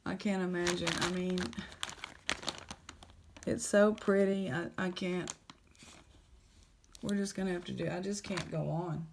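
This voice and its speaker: A woman, casually chatting in a jewelry vlog, excited and exclaiming in shock. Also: on the low side, measured pace, long pauses, noisy background. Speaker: jewelry unboxing vlogger.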